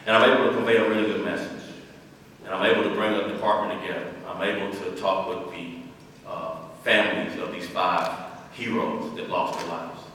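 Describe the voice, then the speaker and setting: Man, 50s, low register, earnest speech-giver telling his life story, heard far off in a reverberant hall. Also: fairly even intonation, fairly quick, fairly bright tone, a little hiss or hum. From Dallas, Texas. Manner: earnest, repeats phrases for emphasis. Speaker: former police chief giving a speech. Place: large hall, speaking to an audience.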